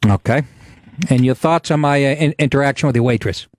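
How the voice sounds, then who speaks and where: A man's voice: medium pitch, fairly quick, darkish tone. A man hosting a call-in podcast, talking in a rambling, sarcastic way with plenty of swearing. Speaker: podcast host. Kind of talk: casual call-in talk show.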